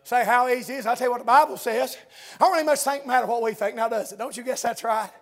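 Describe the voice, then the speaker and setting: High-voiced shouting preacher man. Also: fast talker. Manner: shouting, drawling, dialectal grammar, constant amens. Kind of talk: fiery revival sermon.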